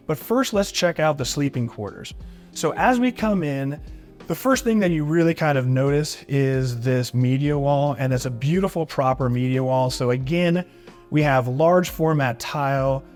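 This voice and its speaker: A man's voice: a little high, a little mellow. A man giving an enthusiastic walkthrough tour of a house, walking room to room and praising every feature. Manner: upbeat, enthusiastic, repeats "really neat" and "beautiful". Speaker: real estate agent giving a home tour. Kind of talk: walkthrough home tour vlog.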